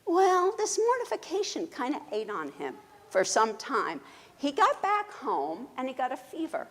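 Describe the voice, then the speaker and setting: Brief: woman telling a story to a congregation, animated and halting, with long hall reverb. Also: sits high. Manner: animated, hesitant with fillers. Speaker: church storyteller. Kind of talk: sermon storytelling. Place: church sanctuary.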